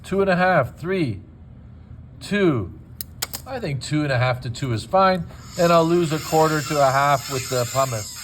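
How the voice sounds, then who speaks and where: A man's voice: on the high side, animated, measured pace, slight background noise. A man demonstrating dental lab work in a casual teaching style, with joking asides. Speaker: dental technician. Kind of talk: hands-on demonstration. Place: dental laboratory.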